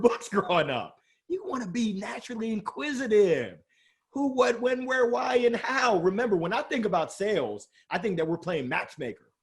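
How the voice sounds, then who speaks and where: High-voiced man, animated sales talk. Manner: lively, joking, emphatic. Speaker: sales speaker and guest. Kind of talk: energetic motivational interview talk.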